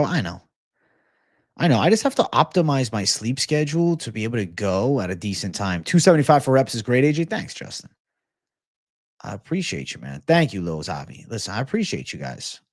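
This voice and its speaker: A man in his twenties chats through a livestream Q&A in a relaxed, loose way, swearing freely as he reads viewers' questions aloud. His voice sits at an ordinary pitch for a man. The sound is close and dry, with no room echo. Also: brisk. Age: 20s. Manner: laid-back, swears often, reads chat aloud. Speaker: host of a livestream Q&A. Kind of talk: casual livestream chat.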